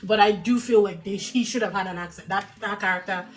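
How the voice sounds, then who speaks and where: A woman co-hosting a casual film review chat, animated and opinionated, often laughing. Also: mid-range voice, brisk, faint music behind. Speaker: podcast co-host.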